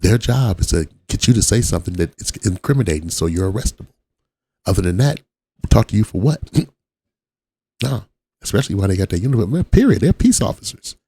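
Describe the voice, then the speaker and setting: A man's voice: on the low side, expressive, a little fast, vocal fry, warm tone, husky, no echo. A man from Watts giving blunt, profane reaction commentary on a video as the channel host. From Watts, Los Angeles. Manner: blunt, profane street talk.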